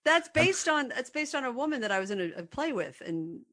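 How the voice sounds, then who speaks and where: A woman's voice: high-pitched, big pitch swings, brisk, fairly bright tone. A woman and former sketch comedy performer, chatting in a rambling, self-deprecating way as a guest. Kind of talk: casual conversation.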